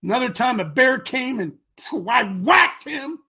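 A man voicing a brash, eager young shepherd hero who talks slang and whines and shouts in a high, husky voice. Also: animated, a little slow, heavily acted. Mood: cocky.

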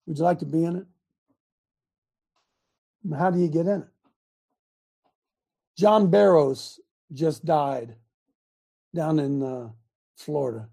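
A man hosting a Christian talk show, speaking in a fiery, provocative, preaching style with loud bursts of emphasis. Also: a little high, creaky, slightly rough.

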